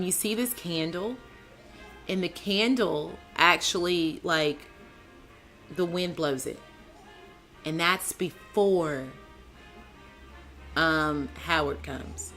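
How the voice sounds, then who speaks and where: A woman with a low yet bright, forceful voice, talking slowly through a casual TV episode recap. She is excitable and chatty, addressing her co-host and viewers with lots of "like", "man" and "dude". Faint music plays behind her. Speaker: TV show reviewer, channel host.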